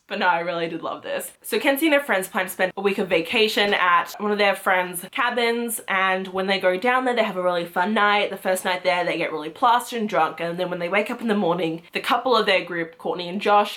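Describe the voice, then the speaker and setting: A young woman vlogging her monthly reading wrap-up in a casual, gushing way, often jumping into loud, excited squeals. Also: medium pitch, brisk, hardly any pauses. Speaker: book vlogger.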